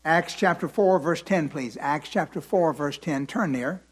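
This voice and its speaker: A man teaching from the Bible in a slow, deliberate way, repeating his points and letting the congregation fill in words, his voice tired at the end of the day. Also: on the high side, slightly rough. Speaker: preacher.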